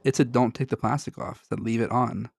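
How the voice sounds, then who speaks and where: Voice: mid-range voice, steady tone, fairly quick, creaky, a little mellow, breathy edge. A podcast co-host in casual chat, rambling and cutting in on himself, laughing often.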